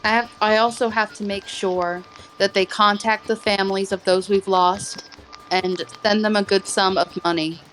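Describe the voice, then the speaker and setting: A woman playing a tabletop game, narrating her character slowly and earnestly with hesitations. Faint music sits under her voice. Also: mid-range voice, steady tone, fairly bright tone, low-quality recording. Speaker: player. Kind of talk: casual tabletop role-play.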